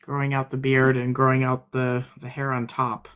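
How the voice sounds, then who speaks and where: A man's voice: mid-range voice, completely flat delivery, moderate pace, a bit bright, clear, resonant tone. A man chatting casually with a co-host and the stream's viewers. He laughs easily, trails off and starts his sentences over as he talks. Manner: laughs often, trails off and restarts. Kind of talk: casual live-stream chat.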